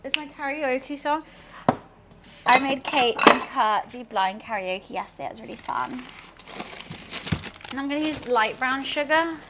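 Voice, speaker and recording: A woman's voice: on the high side, moderate pace, background noise. Chatty young woman with a lisp. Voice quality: slight lisp. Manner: chatty, playful, talks to chat while cooking. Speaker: streamer. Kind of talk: casual cooking stream chat.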